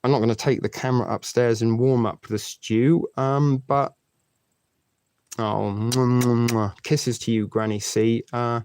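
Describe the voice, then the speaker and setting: A man's voice: mid-range voice, fairly even intonation, a little slow, a little mellow. A man in his forties hosting a live stream, chatting casually and crudely joking with his viewers. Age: 40s. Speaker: livestream host.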